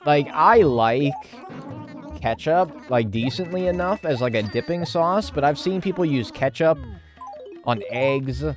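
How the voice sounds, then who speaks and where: A man chatting through a game livestream, his pitch jumping all over as he reacts to chat messages. He swears casually and riffs loosely on each comment. Faint game music plays underneath. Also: expressive, a little slow. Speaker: streamer.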